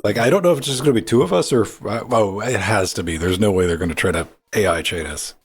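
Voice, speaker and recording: Gravelly low-voiced man on a gaming podcast. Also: fast talker, faint music behind. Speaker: podcast co-host. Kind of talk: casual live gaming chat.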